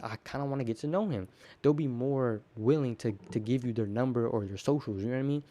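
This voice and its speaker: A teenage boy hosts a casual solo podcast, rambling along at a quick clip in a mellow, dark voice of medium pitch. He stumbles and repeats words while acting out bits of conversation, and the whole thing sounds loose and improvised.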